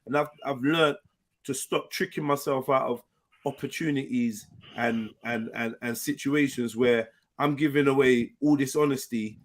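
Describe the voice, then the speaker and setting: A man, hosting a casual panel discussion, talking in a lively, slang-filled way. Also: mid-range voice, normal speed. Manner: animated, slang-heavy, acts out quoted voices. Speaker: panel host.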